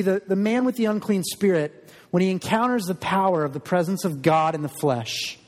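Male pastor, earnest sermon, emphatic, higher-pitched voice, long echoing church reverb. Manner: earnest and emphatic, repeats words.

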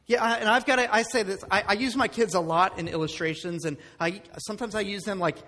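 A man with a high voice preaches a lively, conversational sermon full of rhetorical questions. He speaks from a church sanctuary, and a long reverb rings out after his words. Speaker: pastor.

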